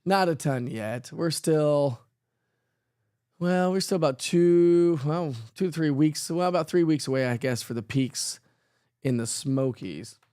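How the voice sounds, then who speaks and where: A man's voice: fairly high pitch, a little slow, dark tone, clear, resonant tone, no room sound, studio quality. A man hosting a casual live weather show, chatty and playful, who jokes at his own expense and laughs often. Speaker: weather forecaster host.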